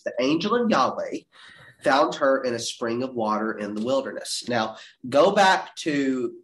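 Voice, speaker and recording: A man teaching a Bible class, reading verses aloud with dramatic leaps in pitch. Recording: roomy echo.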